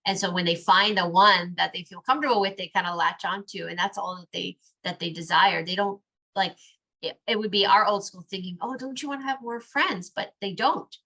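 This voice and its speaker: A woman hosting a podcast, talking earnestly in casual conversation and turning animated when she quotes children. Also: lowish voice, brisk. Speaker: podcast host.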